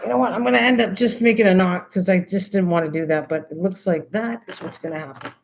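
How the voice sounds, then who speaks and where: A woman's voice: medium pitch, quick pace, creaky, a little hiss or hum. An older woman hosting a crafting livestream, chatting casually and laughing as she talks to her cat and viewers. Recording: dull lo-fi sound.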